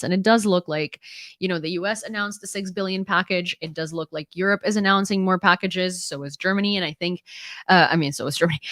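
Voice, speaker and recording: A woman's voice: on the low side, fairly bright tone, no echo, studio quality. A woman from Ukraine, reading out news reports and adding candid, chatty comments of her own. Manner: candid, chatty asides between read-out reports.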